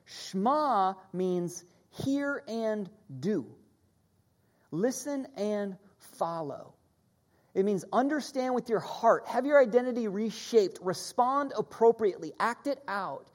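A woman preaching a sermon, teaching in an animated way, stressing key words and leading her listeners in repeating after her. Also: mid-range voice, takes it slowly. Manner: animated teaching, leads the audience in call-and-repeat.

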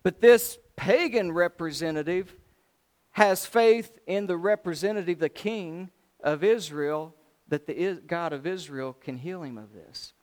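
Male preacher, folksy and animated, slightly higher voice. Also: normal speed. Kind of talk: sermon.

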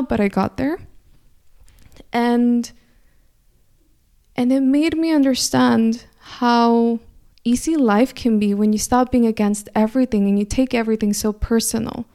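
Brief: young woman, slight Mexican Spanish accent, higher-pitched, smooth clear voice, earnest motivational storyteller. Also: steady tone, a little slow, mellow. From California. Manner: earnest, thoughtful, frequent restarts. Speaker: speaker.

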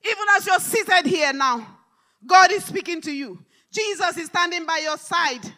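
A woman preacher delivering a live church sermon, fervent and repetitive, rising to shouted declarations. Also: extremely high pitch, expressive, moderate pace. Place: large church hall service.

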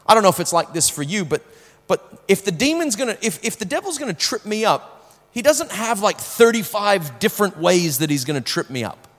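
A man preaching in a large hall, his slightly high voice trailing off into long reverb. He tells his story emotionally, dropping to a hush and then rising loud, and often repeats a word as he starts a sentence. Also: big pitch swings, brisk. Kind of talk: sermon with personal testimony.

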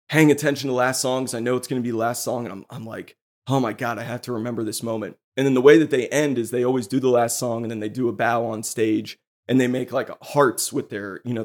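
A man hosting a podcast, excitedly telling a story in casual chat and swearing freely. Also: mid-range voice. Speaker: podcast host.

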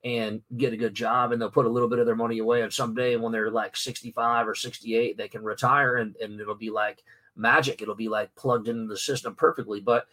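A father vlogs to camera in a loose, rambling way, full of "you know" and "um" and restarted sentences. His voice sits at an ordinary middle pitch for a man. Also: level tone, brisk, bright, forceful tone. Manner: rambling, many fillers and restarts. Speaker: father and vlogger. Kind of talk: casual talking-head vlog.

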